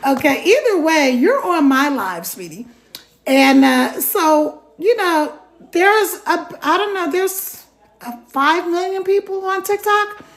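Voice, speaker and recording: Woman, middle-aged, high-pitched, chatty live-stream talk, rambling. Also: expressive, slow pace. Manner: chatty, rambling, greets viewers by name. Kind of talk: casual live-stream chat.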